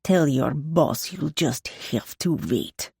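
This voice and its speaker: A woman's voice: low-pitched, expressive, takes it slowly, gravelly, a little mellow, breathy edge, dry recording, clean studio sound, pitched below the performer's own voice, full character voice. A woman voicing a young Russian-accented male gambler who speaks angrily through clenched teeth. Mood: defiant.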